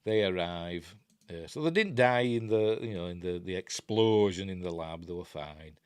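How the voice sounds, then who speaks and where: A man's voice: sits low, lively intonation, moderate pace, clean tone, dry recording. An older man with a Yorkshire accent, casually talking through a film review with rambling, self-interrupting chat and wry asides. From Yorkshire, England.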